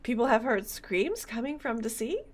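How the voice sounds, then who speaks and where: A woman's voice: on the high side, animated, moderate pace. Woman reading as an inquisitive doctor. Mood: curious. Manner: polite, inquiring. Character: polite, inquisitive male doctor. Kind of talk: reading game dialogue aloud.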